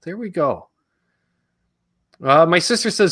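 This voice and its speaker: Lively-pitched Canadian man chatting. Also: moderate pace. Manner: rambling, joking, reads chat comments aloud. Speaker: host of a live Q&A stream. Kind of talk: casual live-stream chat.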